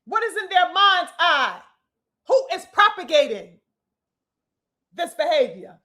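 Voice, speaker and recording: Very high-pitched and highly animated yet slow, a woman's bright, forceful voice carries a ranting boxing commentary. She preaches and swears, piling on rhetorical questions and fancy words.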